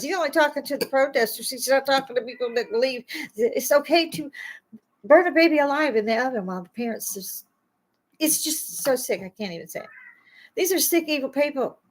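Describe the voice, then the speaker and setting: A woman's voice: high-pitched, expressive, brisk, rough recording. An older woman, a self-described grandma on YouTube, ranting bluntly and scolding her listeners with mounting indignation. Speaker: YouTube commentator. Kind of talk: angry political rant.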